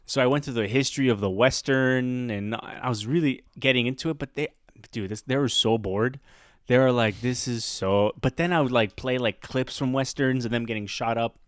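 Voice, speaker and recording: A man hosting a podcast, telling a lively casual story about the class he teaches, laughing often and acting out the voices of the people he quotes. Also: mid-range voice, a little fast, dry recording, studio quality. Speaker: podcast host.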